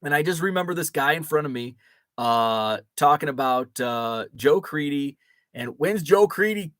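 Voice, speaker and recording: A man's voice: medium pitch, normal speed, a bit bright, no echo. A man, hosting a casual live chat and reading viewer comments with many fillers and restarts. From Chicago area. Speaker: host.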